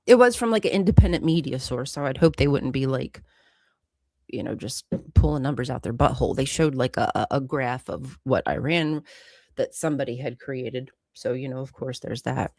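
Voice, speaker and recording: Woman podcast co-host, low voice, casual chat, emphatic bursts, dry sound. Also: normal speed, no room sound. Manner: animated, swings up in pitch and loudness for emphasis.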